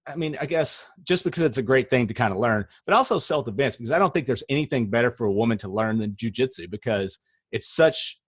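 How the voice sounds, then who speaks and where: A man's voice: medium pitch, expressive, quick pace, slightly rough. A man in his forties hosting a podcast, chatting eagerly and laughing easily. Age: 40s. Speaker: podcast host. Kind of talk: casual interview chat.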